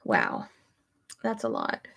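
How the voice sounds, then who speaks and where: A woman's voice: rumbling low, wildly swooping pitch, takes it slowly, vocal fry, a bit bright. A young pregnant woman chatting casually on a stream, thinking aloud and swearing now and then. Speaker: YouTuber. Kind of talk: casual chat reading stream comments.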